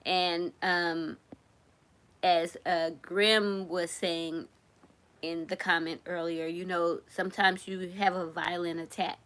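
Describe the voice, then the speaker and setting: Woman host, crochet live stream; soft, lowish, emotional, encouraging, on the edge of tears. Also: level tone, slow. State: tearful, runny nose. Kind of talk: casual live-stream talk.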